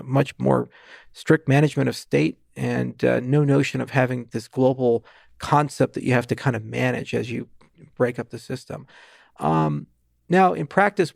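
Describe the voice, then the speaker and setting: A man as a podcast guest, explaining technical ideas fast with asides and restarts. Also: medium pitch, creaky, darkish tone, no echo, clean studio sound. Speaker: guest, blockchain founder. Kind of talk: podcast interview.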